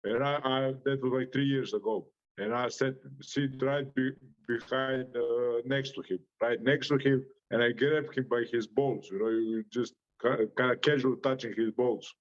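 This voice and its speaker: A man's voice: medium pitch, fairly even intonation, moderate pace. Man, Croatian accent, boxer, brash cursing trash talk, laughs a lot, dull lo-fi sound. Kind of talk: interview reaction.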